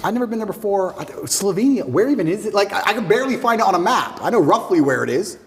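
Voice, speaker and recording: A man in his thirties speaks fast and forcefully in a high, lively voice, firing rhetorical questions as an interview guest. His voice rings out with a long reverb. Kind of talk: emphatic interview talk.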